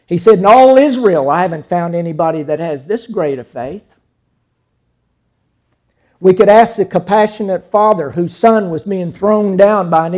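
A man preaching a sermon in a mellow, dark-toned voice that sits a little high. He is middle-aged and dramatic, dropping to near whispers and then rising to loud cries as he retells scenes. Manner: dramatic, acts out quoted figures with sudden loud cries and hushed lines.

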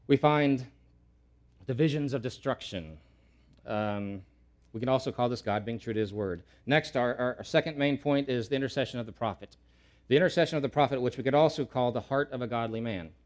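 A man preaching a sermon in an earnest way, repeating key words for emphasis and rising loud when quoting pleas. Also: mid-range voice, moderate pace, pauses often. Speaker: pastor.

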